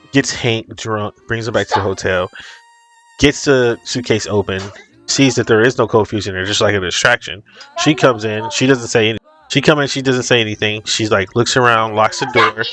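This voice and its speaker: A man talks through a show episode in an animated, loose way, packed with fillers. His voice sits in an ordinary middle range. Soft music plays faintly behind him. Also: mid-range voice. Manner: excited recapping, many "like" fillers, acts out quotes. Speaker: show reviewer. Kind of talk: casual reaction review.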